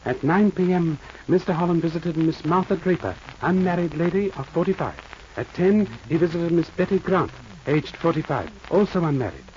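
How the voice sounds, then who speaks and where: An actor playing a calm, shrewd detective who speaks in clipped, formal broken English in a 1940s radio drama. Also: male voice, a little high, moderate pace, lightly acted. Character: shrewd aphorism-quoting Chinese detective, calm. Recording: muffled old radio recording, faint hiss.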